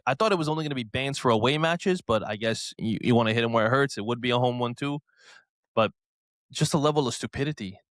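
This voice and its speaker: A man co-hosting a podcast, heated and ranting, who stumbles over his own restarts. He sits at a middle pitch, and his voice is recorded close and dry, with no room sound. He talks in a loose, casual way. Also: a bit bright, dry recording. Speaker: podcast co-host.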